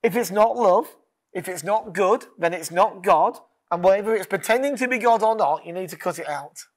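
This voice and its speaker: Earnest pastor preaching. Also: male voice, high-pitched, normal speed. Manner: earnest, leads call-and-response, drops to a hush. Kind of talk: sermon.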